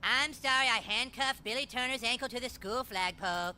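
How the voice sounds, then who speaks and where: A synthetic voice doing a bratty, scheming cartoon boy in a fast, whiny delivery. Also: medium pitch, sharp tone, slight background noise. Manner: whiny, fast, self-justifying.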